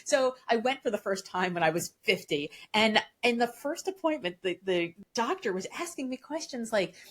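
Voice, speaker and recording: A woman in her fifties, a podcast guest talking in a casual, animated way, laughing often and restarting sentences. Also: a little high, moderate pace. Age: 50s. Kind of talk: casual interview chat.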